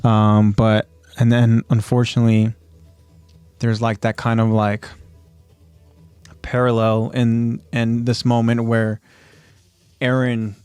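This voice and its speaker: Smooth-voiced man recapping on a podcast. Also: medium pitch, completely flat delivery, slow pace, pauses often, darkish tone, dry recording, soft background music. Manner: retells scenes step by step, then talks loosely. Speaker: podcast co-host. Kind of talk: casual podcast chat recapping an anime episode.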